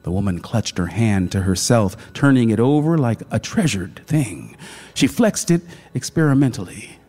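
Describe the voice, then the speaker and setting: A man narrating a literary short story in a hushed, dramatic manner. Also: fairly low pitch, lively intonation, normal speed.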